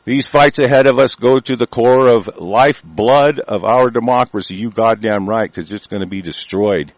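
A man hosting his own show, delivering an angry, profane rant. He breaks into shouted bursts and stumbles through halting restarts. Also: medium pitch, no room sound. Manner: halting, many ums and restarts. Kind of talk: profane ranting commentary.

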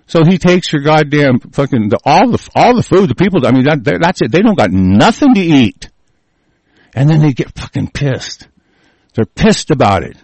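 A man's voice: on the high side, big pitch swings, normal speed, darkish tone, slightly rough, no room sound. A man in a heated, profane, rambling rant, often breaking off and restarting his sentences. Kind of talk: casual ranting monologue.

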